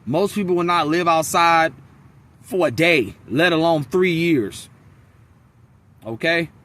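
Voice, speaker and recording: A man's voice: fairly high pitch, takes it slowly, a bit bright. A man venting bluntly and with profanity in a casual vlog monologue, telling stories from his work day. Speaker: vlogger. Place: outdoors in a wooded area near a freeway.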